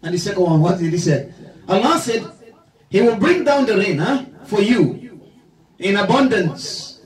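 A man's voice: high voice, very animated, normal speed. A male Islamic lecturer giving a religious talk in a mosque hall, jovial and laughing often as he leads the audience in repetition. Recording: echoey hall, from far off.

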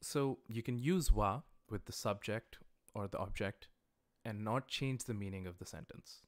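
A man teaching a livestreamed language class, explaining grammar patiently and repeating example sentences slowly. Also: fairly low pitch, no echo, studio quality. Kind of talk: livestreamed lecture.

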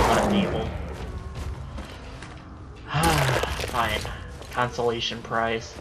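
A young man giving casual let's-play commentary, chatty and easily frustrated, breaking into excited yelling during chases. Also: medium pitch, takes it slowly, long pauses, heavy background noise. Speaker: gameplay commentator.

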